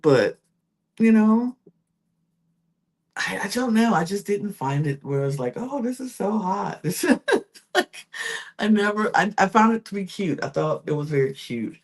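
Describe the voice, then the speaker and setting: A woman's voice: mid-range voice, animated, measured pace, long pauses. A woman hosting a casual reality TV recap podcast, chatty and full of fillers and self-corrections. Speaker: podcast host.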